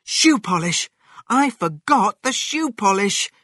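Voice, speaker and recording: A man's voice: high-pitched, big pitch swings, slow pace, bright, forceful tone, no echo, studio quality, pitched above the performer's own voice, exaggerated voice. A man reading a storybook aloud, voicing a thoughtful young boy who exclaims his ideas. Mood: eager.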